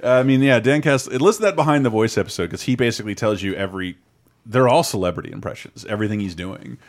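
A man hosting a podcast in casual, animated chat, swearing now and then. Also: lowish voice, quick pace. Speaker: podcast host.

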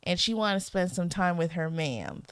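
A woman co-hosting a podcast, chatting excitably with frequent laughter and quick asides. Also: lowish voice, smooth, no echo. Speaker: podcast co-host. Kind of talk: casual podcast chat.

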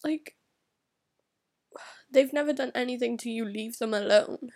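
A woman's voice: a little high, measured pace, a little mellow. A teenage girl, crying and venting in a rambling confessional vlog, often dropping to a whisper. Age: teens. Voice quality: gravelly fry, often drops to a whisper. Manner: rambling, upset, venting in broken phrases. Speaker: vlogger.

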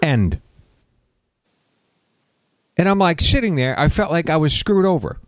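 A man hosting a talk show, telling stories in a casual, sarcastic, animated way. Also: on the high side, a little slow, no room sound. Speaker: radio show host.

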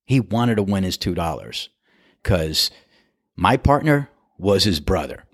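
A man with a low voice spins a casual story about a round of golf with friends. His delivery swings widely in pitch as he acts out the other players, and he laughs his way through the punchlines. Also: big pitch swings, unhurried, dry recording, clean studio sound. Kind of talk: casual anecdote.

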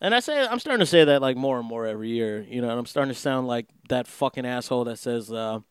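A man's voice: mid-range voice, animated, fast, clean tone, no room sound. A man chatting casually in a rambling, profane way, laughing through his story. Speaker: vlogger. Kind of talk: casual chat. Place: Los Angeles.

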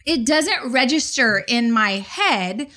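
A woman in her forties telling a story in a casual, animated way, swearing often. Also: on the high side, takes it slowly. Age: 40s. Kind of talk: casual anecdote on a talk show.

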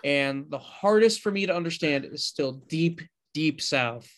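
A man's voice: fairly high pitch, expressive, unhurried, fairly bright tone. A man co-hosting a casual podcast chat, telling a story in a rambling, self-correcting way. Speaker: podcast co-host.

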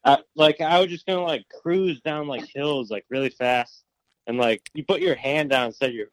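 A man's voice: mid-range voice, normal speed, no echo. A young man in casual podcast chat, rambling and filling his talk with "like". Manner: rambling, filler-heavy with lots of "like". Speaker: podcast co-host.

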